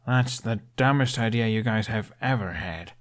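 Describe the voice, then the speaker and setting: A man voicing an exasperated young Viking squire who shouts at his reckless friends. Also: fairly low pitch, normal speed, close to an everyday voice.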